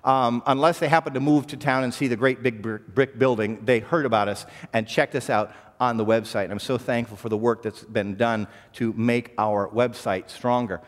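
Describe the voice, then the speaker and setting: A man's voice: mid-range voice, fairly even intonation, moderate pace, hardly any pauses, big-room sound. A man preaching a sermon as pastor, earnest, often repeating a word as he restarts a phrase.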